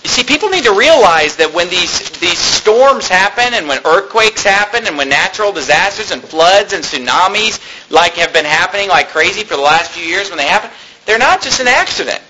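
A man preaching a sermon, reading scripture slowly and emphatically, with quick, low asides. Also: expressive, background noise.

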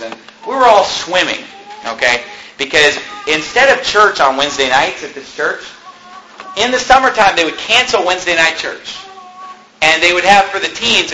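Male preacher, sermon storytelling; casual "okay?" tags, dry humor, pitch swinging widely. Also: pushed and bright, slight background noise, low-quality recording. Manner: conversational, peppers talk with "you know" and "okay?"; wry, joking asides.

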